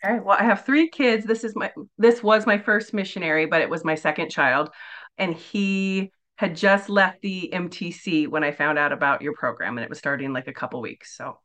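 A woman's voice: on the low side, normal speed, fairly bright tone. A woman in her forties, a podcast guest chatting casually and telling her story with lots of filler words. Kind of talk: casual interview chat.

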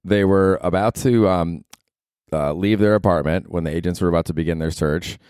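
A man with a low voice hosts a comedy podcast, rambling sarcastically and swearing freely. He sounds close to the mic in a dry room with no echo. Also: moderate pace, clean tone. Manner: sarcastic, swears a lot, animated asides. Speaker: podcast host. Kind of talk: casual comedic monologue.

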